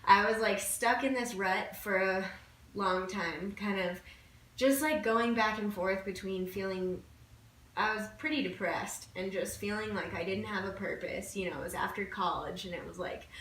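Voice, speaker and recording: A woman's voice: medium pitch, moderate pace, fairly bright tone. A woman guest on a podcast, talking casually and telling a personal story with many "like" fillers. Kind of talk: casual conversation. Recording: roomy echo, distant mic, faint background noise.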